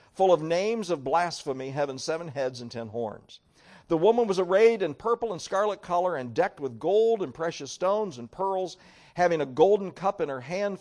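A middle-aged male pastor preaching a sermon, reading scripture aloud with wide swings in pitch and loudness.

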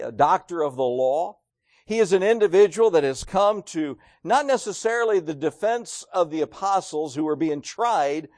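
A man preaching a sermon, animated and acting out quoted voices, swinging between loud and hushed. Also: on the high side, dry recording, clean studio sound.

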